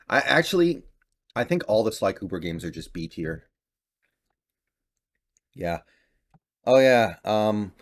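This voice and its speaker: Low-voiced chatty young man ranking games. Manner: chatty, offhand, thinking aloud. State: slight cough and voice crack. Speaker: gaming YouTuber. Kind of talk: casual tier-list commentary.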